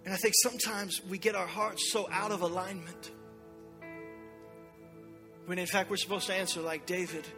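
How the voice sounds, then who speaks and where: A man's voice: high-pitched, steady tone, moderate pace, long pauses, music in the background. A man preaching a sermon to a church congregation, urgent and impassioned. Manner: impassioned preaching, acting out God's voice in quotes. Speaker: pastor.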